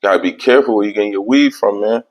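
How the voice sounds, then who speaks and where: Young man, podcast host, casual storytelling, cursing freely, somewhat low voice. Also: very fast. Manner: profane, rambling, conversational.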